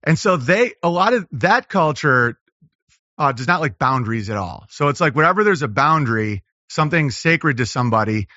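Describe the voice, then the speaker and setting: Man, comedian, podcast guest, rambling, riffing, bright tone, dry lo-fi audio. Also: a little high, very animated, no echo. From Los Angeles. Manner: rambling, riffing, slips into quick impressions. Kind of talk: casual podcast conversation.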